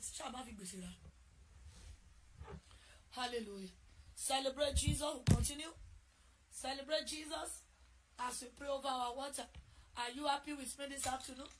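A woman preaching and praying fervently, swinging between loud chanted prayer and quick, conversational exhortation to her congregation. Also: high-pitched, slight background noise. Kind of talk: sermon with prayer.

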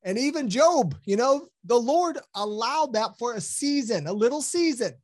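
A man's voice: extremely high pitch, expressive, normal speed. A man speaking as a guest on a podcast interview, enthusiastic and preacherly as he tells stories and quotes scripture, laughing often. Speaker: health program guest.

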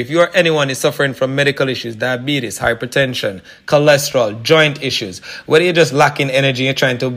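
A man's voice: medium pitch, fast talker, hardly any pauses, a bit bright. A man, a company president, promoting his products as a guest on a radio show. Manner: promotional, repeats phone number.

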